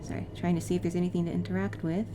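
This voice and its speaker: A woman's voice: on the low side, flat delivery, very fast, heavy background noise. A woman chatting casually as she plays a video game, rambling into side tangents and apologizing for them. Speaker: let's play gamer. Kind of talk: casual gameplay commentary.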